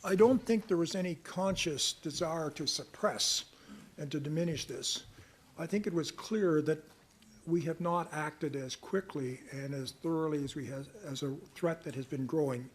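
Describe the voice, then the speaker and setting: Older man from Canada, husky, slightly high voice, answers press questions deliberately. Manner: measured, deliberate, reads passages aloud from a report. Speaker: special rapporteur at a press conference.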